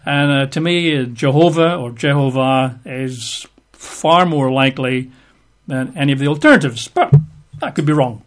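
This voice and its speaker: A man's voice: medium pitch, normal speed. A man giving an opinionated, plain-spoken talk with wry asides. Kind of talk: casual talk to camera.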